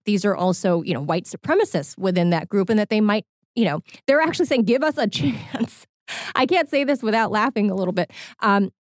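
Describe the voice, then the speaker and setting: A woman of middle pitch co-hosting a talk show, putting questions to a guest in a conversational tone with light laughter. The sound is dry and close, with little room. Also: a little mellow, no room sound. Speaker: co-host.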